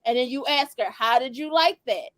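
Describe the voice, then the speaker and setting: A woman hosting a casual podcast chat, teasing and quick to laugh. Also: high-pitched, a bit bright, no echo. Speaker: podcast host.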